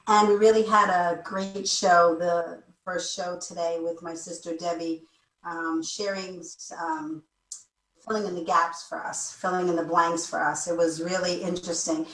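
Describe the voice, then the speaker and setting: A woman's voice: fairly low pitch, little pitch movement, a little slow, fairly bright tone. A woman hosting a talk show, introducing guests in a loose, rambling way and circling back to rephrase. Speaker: show host. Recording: echoey room, voice distant from mic.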